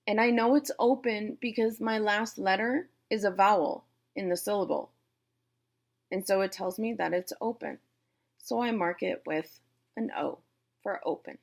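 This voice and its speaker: A woman's voice: medium pitch, moderate pace, creaky. A woman teacher from Boston with a Boston accent, explaining syllable types step by step and talking playfully to her viewers. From Boston, USA. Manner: playful, addresses viewers directly. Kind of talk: classroom instruction on syllable types.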